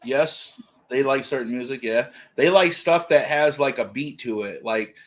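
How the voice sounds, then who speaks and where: A man's voice: medium pitch, measured pace. Casual male co-host, rambling, filler-heavy talk. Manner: rambling, filler-heavy, says "like" and "dude" often. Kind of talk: casual livestream chat.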